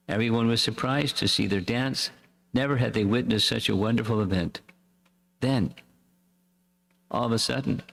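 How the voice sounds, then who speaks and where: A man reading a devotional story aloud in a slow, measured way, as a swami. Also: mid-range voice, vocal fry, a bit bright. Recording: echoey hall reverb.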